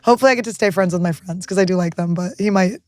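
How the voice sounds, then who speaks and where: Crude, excitable woman podcast host. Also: on the low side, racing, no room sound, studio quality. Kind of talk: casual comedic podcast chat.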